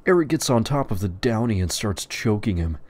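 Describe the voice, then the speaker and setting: A man with a lowish voice reading crude, profane stories aloud in a deadpan way. His pitch still moves around a good deal as he tells them. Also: fairly quick. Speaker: storyteller.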